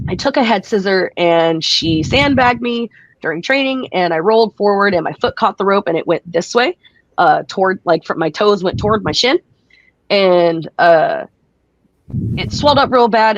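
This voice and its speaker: A woman's voice: medium pitch, lively intonation, moderate pace, dry recording, highs cut off. A woman being interviewed about her wrestling career, telling stories casually with frequent laughs. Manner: chatty, laughs often, acts out quotes. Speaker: guest wrestler.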